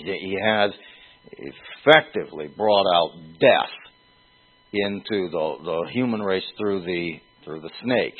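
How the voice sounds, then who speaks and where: A man preaching an expository sermon, teaching slowly and deliberately with pauses and fillers. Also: sits low, slightly rough. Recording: tinny phone-like sound.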